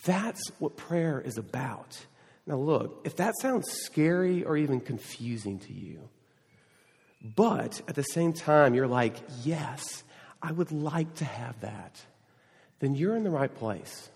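A pastor giving a sermon, telling a rambling personal story full of restarts and self-deprecating asides. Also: male voice, medium pitch, very animated, measured pace, darkish tone, husky. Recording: long hall reverb.

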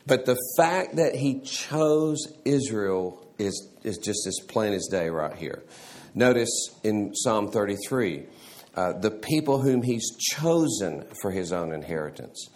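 A man teaching a church Sunday school class in a halting way, restarting words and often clearing his throat. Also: lowish voice, animated, a little mellow.

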